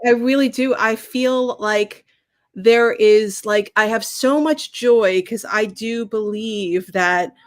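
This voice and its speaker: An earnest woman speaks from the heart on a video call and repeats herself for emphasis. Her voice is slightly high, and the sound is dry and close. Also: takes it slowly, dry recording. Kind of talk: casual video call chat.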